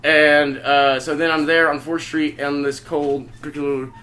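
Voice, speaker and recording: A man's voice: fairly high pitch, flat delivery, normal speed, pushed and bright. A young man from Oklahoma hosting a podcast, telling a long story in casual chat, rambling and swearing constantly. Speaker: podcast host.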